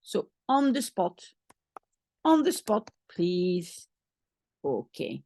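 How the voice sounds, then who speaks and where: A woman's voice: on the low side, big pitch swings, extremely slow, warm tone. A woman from Belgium, a native Dutch speaker with a Belgian accent, patiently teaching beginner French and repeating phrases as she thinks aloud. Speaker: language teacher.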